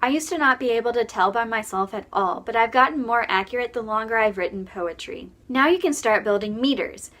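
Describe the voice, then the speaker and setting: Higher-voiced woman narrating a lesson. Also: brisk, few pauses, a bit bright. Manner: announces numbered sections. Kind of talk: scripted educational narration.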